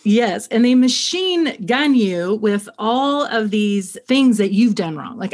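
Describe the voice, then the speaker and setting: A woman therapist explaining ideas in conversation, steady and clear, acting out quick examples. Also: a little high.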